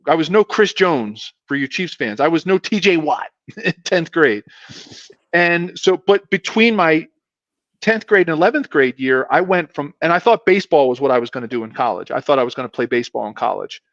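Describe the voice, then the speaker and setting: As a guest in a relaxed interview, a middle-aged South Philadelphia man and former pro football player meanders through old stories, mocking himself and circling back to start over. His voice is slightly high and a bit bright. The sound is dull and muffled, with no echo from the room.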